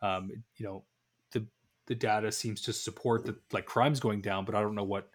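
A man's voice: lowish voice, moderate pace. A man in his thirties co-hosting a podcast, telling a long story with many restarts and acted-out dialogue. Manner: rambling anecdotal storytelling with many restarts and animated quoted dialogue. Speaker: podcast co-host. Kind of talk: casual podcast chat.

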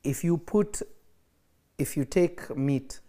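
A man's voice: a little high, slow, mellow. A man preaching an emphatic livestreamed sermon, repeating phrases for effect, with coughs and laughs between points.

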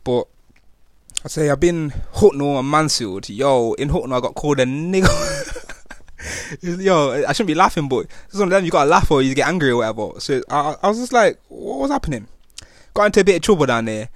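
A man's voice: fairly high pitch, wildly swooping pitch, brisk, no room sound, studio quality. Young Nottingham man talking slangy street talk. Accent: Nottingham, East Midlands English. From England. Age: young adult. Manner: slangy street talk, many fillers and restarts. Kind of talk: casual personal testimony.

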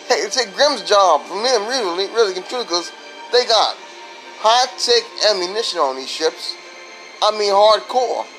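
A man's voice: high voice, a bit bright, rough recording. A man from Florida doing a rambling stand-up style comedy monologue, with sudden voice jumps and silly sound effects.

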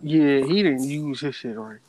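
A man's voice: mid-range voice, a little slow, darkish tone, low-quality recording. Casual man arguing a point. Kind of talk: casual chat.

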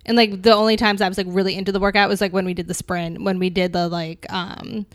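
Young female co-host; loose, halting, filler-heavy talk, recorded dry. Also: mid-range voice, level tone, no echo. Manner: halting, trailing off, many fillers. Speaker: podcast co-host. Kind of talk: casual chat.

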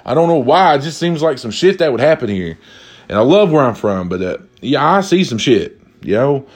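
A man's voice: mid-range voice, sing-song, moderate pace, breathy edge. Young guy cussing and rambling thru a funny rant, lots of likes and restarts. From Kentucky. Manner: rambling, swears constantly, many restarts and fillers. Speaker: vlogger. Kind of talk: profane comedic rant.

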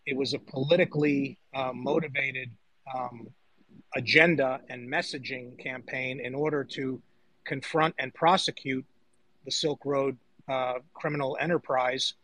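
A man's voice: mid-range voice, steady tone, a little slow, a bit bright, no echo, poor audio. A man co-hosting a casual panel discussion, conversational as he leads and brings in guests. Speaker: podcast co-host.

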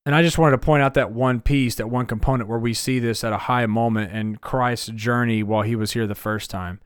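A man with a smooth, resonant voice reads Bible verses aloud and explains them on a podcast. He speaks at a medium pitch. The recording is dry and close. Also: steady tone, brisk, no room sound. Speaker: co-host. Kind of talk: conversational Bible study discussion.

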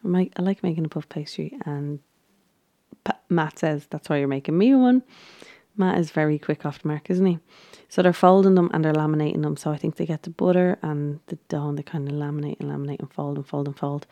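A woman's voice: low voice, little pitch movement, fairly quick, warm tone, dry recording. A woman casually recapping a baking show, chatty and giggly, with lots of ums and restarts.

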